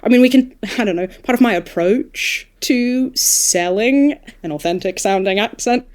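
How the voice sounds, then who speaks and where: Animated Australian woman, slightly high voice. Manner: animated, quick asides and self-corrections. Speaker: audiobook narrator and dialect coach guest. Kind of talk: casual podcast chat.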